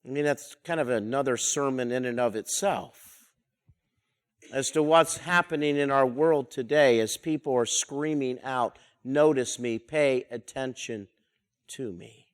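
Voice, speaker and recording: A man's voice: medium pitch, a little slow. A man teaching a verse-by-verse Bible study in a conversational way, asking his listeners rhetorical questions and repeating key phrases.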